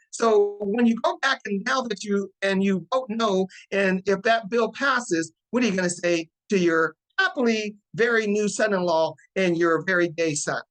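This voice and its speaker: Man talk show host, fairly high voice. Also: normal speed, hardly any pauses, fairly bright tone, low-quality recording. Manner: affirming, call-and-response. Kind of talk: casual talk-show chat.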